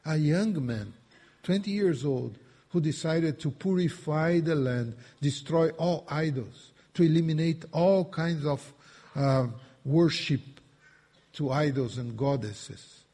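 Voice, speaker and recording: Slow, mellow-voiced man preaching in a hall. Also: fairly high pitch, slightly rough. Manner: emphatic, repetitive preaching with rising bursts. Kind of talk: sermon. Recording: reverberant hall.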